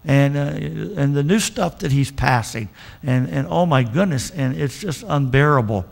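A man's voice: on the high side, unhurried, gravelly. A man pastor preaching a folksy, emphatic sermon with lots of repetition.

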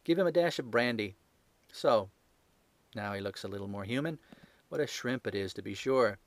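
A man voicing a sharp, commanding gentleman detective who speaks coolly, sternly and precisely. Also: on the low side, animated, normal speed, no room sound.

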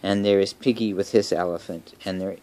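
A woman telling a made-up bedtime story with toys, in a gentle, playful way. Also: extremely low pitch, steady tone, a little fast.

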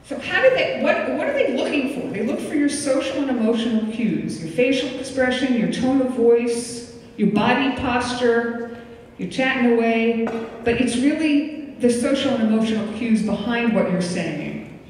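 A woman in her sixties, a psychiatrist giving a relaxed, conversational parenting lecture, slipping into the voices of the parents and children she quotes. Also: on the high side, normal speed. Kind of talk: lecture to an audience. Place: lecture hall. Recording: echoey hall from far off, faint noise.

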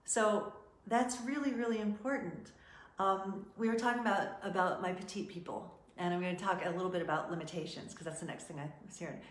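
A middle-aged woman talks through the modeling business in a casual, chatty way, playing out quick exchanges with clients as she goes. Her voice sits a little low, and the room around her is echoey. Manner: chatty, animated, acts out quotes from clients. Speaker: modeling and talent agent. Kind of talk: casual teaching talk.

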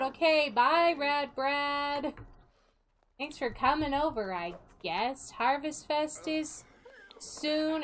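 A young woman casually commenting on a life-sim game she plays, chatty and quick to laugh. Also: high voice, a bit bright, low-quality recording. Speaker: gaming video host.

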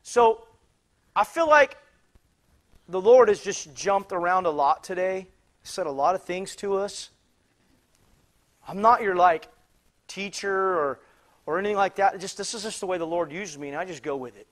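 Speaking in a church sanctuary, this fairly high-voiced male preacher shares a story from his own life. He keeps restarting and repeating phrases, and now and then his voice swells into loud exclamations.

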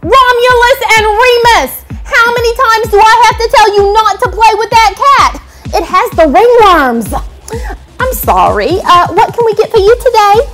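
An eccentric, sentimental garage-sale mother, played by a woman in a children's church skit. Her voice is pitched very high and stretches words out theatrically. She sounds dotty and doting. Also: animated, measured pace, music in the background.

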